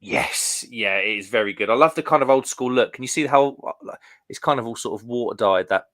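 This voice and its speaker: A man's voice: medium pitch, fairly quick, fairly bright tone. A British man co-hosting a casual beer live stream, chatty and enthusiastic, reading out viewer comments. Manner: chatty and enthusiastic, lots of "um" and restarts.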